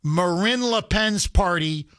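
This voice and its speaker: Man, radio talk host, call-in show, emphatic, heated, slightly high voice, dry studio sound. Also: slow pace, fairly bright tone, no room sound.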